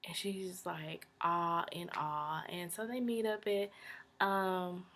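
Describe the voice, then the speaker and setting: A woman's voice: lowish voice, fairly even intonation, takes it slowly, a bit bright. A woman chattily recapping a TV drama episode in slangy talk, often dropping into whispered asides. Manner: dismissive "blah, blah" paraphrasing. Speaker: TV episode reviewer.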